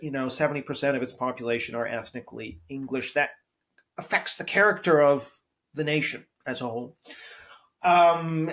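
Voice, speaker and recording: A man speaking as a professor guest on a podcast interview, arguing in a measured, analytical way and often repeating words as he builds a point. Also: fairly high pitch, fairly bright tone.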